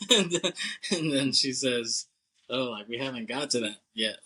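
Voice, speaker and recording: On poor audio, a young man's mid-range voice sounds animated yet unhurried, pushed and bright with a breathy edge. As a podcast co-host he runs through a movie's plot casually, cursing and laughing as he acts out the characters' lines.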